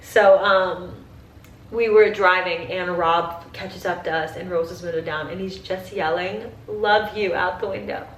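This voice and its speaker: A woman's voice: on the low side, steady tone, unhurried, a little hiss or hum. Chatty young woman, roomy distant sound. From Ohio. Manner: chatty, emotional, tearful at times, heavy use of "like". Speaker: vlogger. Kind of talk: casual get-ready-with-me chat. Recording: roomy, slightly distant home audio with faint ambience.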